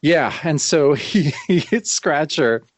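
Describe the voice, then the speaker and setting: Relaxed male podcast co-host. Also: fairly high pitch, slow pace, no echo. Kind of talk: casual chat.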